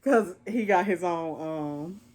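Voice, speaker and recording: A young woman vlogger casually recounting a date in an animated, slangy way, laughing as she tells it. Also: on the low side, slow pace. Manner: animated, slangy, laughs while telling the story. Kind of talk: casual storytime chat.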